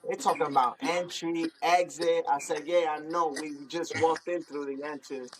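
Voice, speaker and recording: A man telling a story as a podcast guest, lively, laughing often and acting out other people's voices. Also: a little high, moderate pace, noisy background. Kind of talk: animated storytelling.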